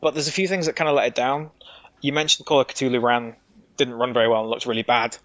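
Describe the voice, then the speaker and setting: A man's voice: medium pitch, steady tone, fast talker, a bit bright, no room sound. A man, a podcast guest, chatting casually and rambling through a game review. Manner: rambling, with frequent restarts and swearing. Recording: dull dry sound.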